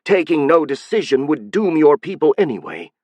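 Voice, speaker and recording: A man voicing a shrill alien hive queen. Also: big pitch swings, normal speed, a little mellow, no room sound. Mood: defiant. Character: alien insect hive queen, proud and stubborn. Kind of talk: audiobook narration.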